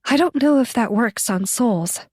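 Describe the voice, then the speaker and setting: A woman's voice: a little high, expressive, measured pace, no echo, studio quality, voice pushed up. A woman voicing a teenage girl in a small voice. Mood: remorseful. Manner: small, hushed voice. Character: guilt-ridden teenage girl, quiet and shaky.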